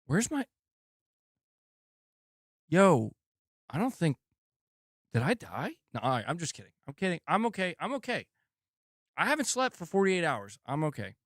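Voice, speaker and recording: Male streamer, sore throat, loose and profane, lively swinging pitch, dry close sound. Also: moderate pace, long pauses, no room sound. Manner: laid-back, swears a lot, laughs often. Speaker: gaming channel host. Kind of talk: casual livestream chat.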